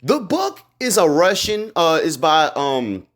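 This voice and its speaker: Excited slangy man, a bit high. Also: slow pace. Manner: excited, slangy, rambling with many fillers. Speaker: video creator recapping a TV episode. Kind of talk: casual theory recap vlog.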